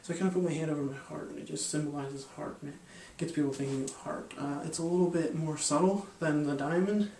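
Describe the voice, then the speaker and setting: A man's voice: a little high, fast, vocal fry, hardly any pauses, darkish tone, roomy sound, far from the mic, slight background noise. A man explaining a mind-reading card technique in a loose, rambling way, with lots of fillers and restarts. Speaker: magic and hypnosis instructor. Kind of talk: casual instructional explanation.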